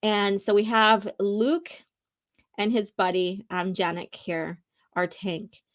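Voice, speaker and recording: A woman's voice: mid-range voice, steady tone, slow pace. A woman hosting a casual podcast and reading comics along, chatty and full of fillers. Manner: chatty, lots of fillers like "you know" and "um". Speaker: podcast host.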